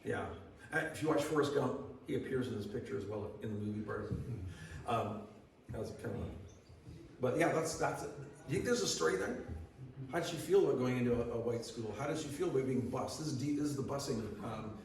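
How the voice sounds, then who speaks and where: A man's voice: mid-range voice, fairly quick, gravelly, darkish tone, a little hiss or hum. A man giving a sermon as pastor, in a conversational way that asks the congregation questions. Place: church hall. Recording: echoey church hall from far off.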